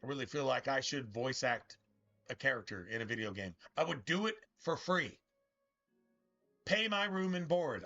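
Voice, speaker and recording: On the high side and pushed bright, this man's voice comes through with its highs cut off. He's streaming a game, giving casual, profane, bitter commentary that rambles and keeps restarting.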